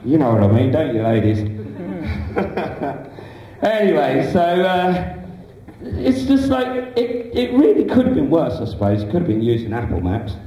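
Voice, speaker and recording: A man's voice: on the high side, sing-song, measured pace, dark tone. A young man doing a stand-up comedy set, chatty and rambling with many fillers. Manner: chatty, rambling, full of "you know" fillers. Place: small indoor comedy club stage. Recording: echoey club from a distant camera.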